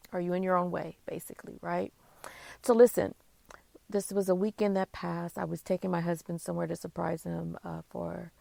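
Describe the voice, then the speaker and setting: Gravelly-voiced woman podcast host. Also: fairly low pitch, mellow, no room sound. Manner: earnest, conversational, with many fillers. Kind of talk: faith-based personal talk.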